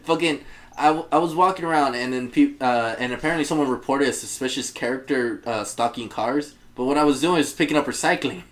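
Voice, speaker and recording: Laughing, swearing podcast co-host. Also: male voice, medium pitch, brisk. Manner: laughs through his stories, swears, acts out both sides of a dialogue. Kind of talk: casual chat, telling a personal anecdote.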